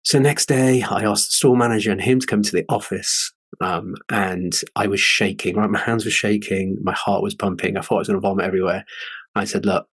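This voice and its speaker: A man's voice: lowish voice, fairly even intonation, fairly quick, slightly rough, dry recording. Earnest man in his forties, dry sound. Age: 40s. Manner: earnest, candid storytelling. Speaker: podcast host. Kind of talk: casual podcast chat.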